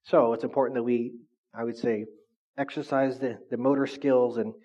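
A man's voice: mid-range voice, flat delivery, normal speed, mellow, lo-fi sound. Chatty man preaching a sermon. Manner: conversational, frequent "right?" tags. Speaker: pastor.

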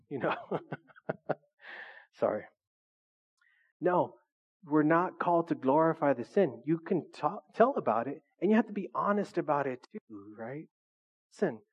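A man's voice: sits high, muffled recording. A pastor preaching a conversational, humorous sermon, often asking his congregation questions.

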